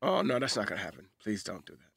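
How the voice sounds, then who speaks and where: Male co-host, emphatic storyteller, bright tone, dry close sound. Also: fast talker, creaky, husky, dry recording. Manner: animated storyteller, jumps high for voices, emphatic. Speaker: podcast co-host. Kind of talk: casual chat.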